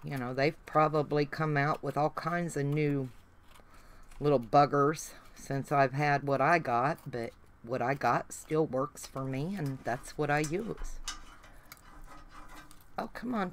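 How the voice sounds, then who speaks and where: A woman's voice: deep voice, steady tone, measured pace. A middle-aged woman with a Southern accent, chatting folksily to her livestream viewers while she works on a craft project. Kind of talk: casual chat while crafting.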